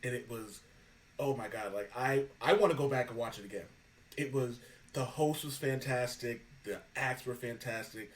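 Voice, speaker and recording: A man's voice: medium pitch, moderate pace. Podcast host guy, swears a lot, laughs thru his stories, a bit far from the mic. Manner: animated storyteller, swears freely, laughs a lot. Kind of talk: casual chat.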